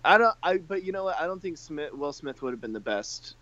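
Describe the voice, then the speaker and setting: A man's voice: a little high, lively intonation, a little fast, no room sound, highs cut off. A man co-hosting a podcast in casual chat, complaining bluntly and with exaggeration. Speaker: podcast co-host.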